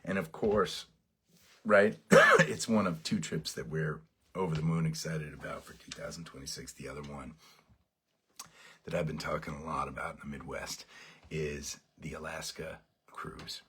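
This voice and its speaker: A man leading a band, giving fans a rambling, excited update while overtired. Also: extremely low pitch, normal speed, long pauses, husky. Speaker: bandleader addressing fans. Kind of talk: casual fan update.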